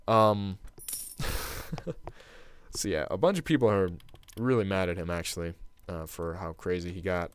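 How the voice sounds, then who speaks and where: A young man with a slightly low voice tells a long, meandering story while he plays a game. His delivery is loose and casual, padded with "um" and "like." He sounds like a regular channel host chatting to viewers. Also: a little slow, pauses often, clear, resonant tone. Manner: casual and meandering, heavy on fillers like "um" and "like". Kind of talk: rambling storytelling over gameplay commentary.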